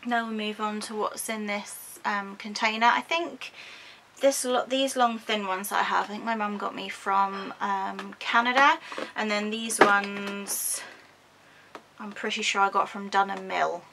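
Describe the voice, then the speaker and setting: A woman's voice: mid-range voice, noisy background. A woman with an English accent chatting through a product walkthrough, hesitant with frequent ums and self-corrections. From United Kingdom. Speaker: beauty vlogger.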